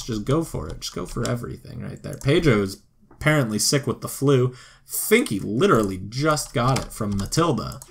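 A man's voice: on the low side, creaky, a little hiss or hum. A young man commentating a life-sim game, playful and sarcastic, talking to the characters on screen. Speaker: gameplay commentator. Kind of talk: let's play commentary.

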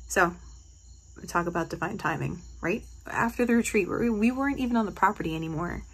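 A woman from New Jersey vlogs straight into her phone, her lowish voice carrying a gravelly edge. She tells her stories in a gushing, heartfelt way, with a faint hiss of noise behind her. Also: animated, brisk, poor audio. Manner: emotional, gushing storyteller. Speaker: vlogger. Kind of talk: casual vlog talk to a phone. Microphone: phone held close.

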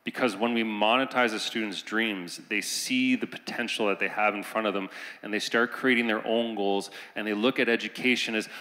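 A man's voice: lowish voice, fairly even intonation, normal speed, sharp tone. Earnest man speaking in a big hall. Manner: earnest, building urgency. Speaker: panelist, teacher. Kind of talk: panel talk. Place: conference hall. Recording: reverberant hall.

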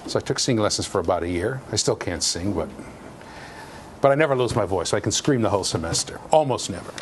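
A man giving a university lecture in an animated, jokey way, with sudden loud outbursts. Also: lowish voice, quick pace, a little hiss or hum. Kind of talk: classroom lecture. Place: lecture hall.

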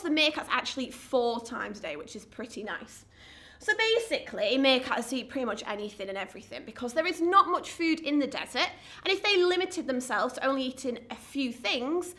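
Bright, high-voiced upbeat woman. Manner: upbeat, encouraging, speaking to children at home. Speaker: zoo educator. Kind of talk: children's lesson.

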